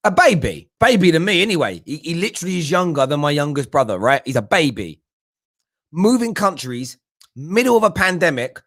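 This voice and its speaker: A man's voice: on the high side, big pitch swings, a little fast, a bit bright. Fired-up young man ranting. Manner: ranting, fired-up and blunt, slangy. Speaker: host of a football fan show. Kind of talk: heated live fan talk show rant.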